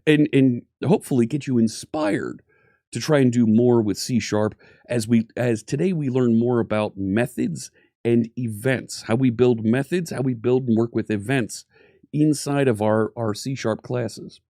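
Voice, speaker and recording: A man's voice: mid-range voice, a little slow, creaky, warm tone, no room sound, studio quality. A man hosting a casual coding live stream, upbeat and chatty, greeting viewers one by one.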